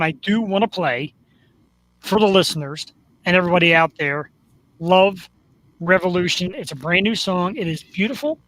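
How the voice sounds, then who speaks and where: A man's voice: sits high, pushed and bright. A man hosting a live talk show, joking at his own expense and announcing in a showman's way. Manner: joking, self-deprecating, announcer-like.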